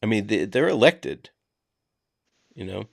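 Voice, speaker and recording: A man's voice: fairly low pitch, sing-song, unhurried, creaky, no room sound, clean studio sound. Boston-accented man in casual chat. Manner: conversational, emphatic, drops filler words. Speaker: podcast host. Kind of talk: casual true-crime discussion.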